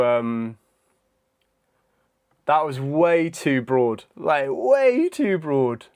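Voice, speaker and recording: Young male streamer, slightly high voice, slow hesitant delivery, casual think-aloud chat. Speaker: live streamer. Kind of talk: casual live-stream chat during a trivia quiz.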